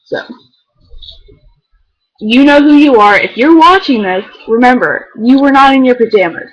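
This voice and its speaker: A woman's voice: high-pitched, expressive, normal speed, long pauses, highs cut off. A teenage girl chatting casually to the camera, rambling and filling her talk with "like". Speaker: beauty vlogger. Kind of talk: casual chat.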